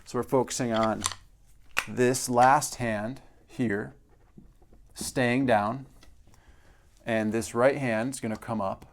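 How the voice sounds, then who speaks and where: A man's voice: mid-range voice, steady tone, slow pace, pauses often, a little hiss or hum. A male drum teacher explaining a practice exercise step by step and counting beats aloud. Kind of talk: instructional demonstration.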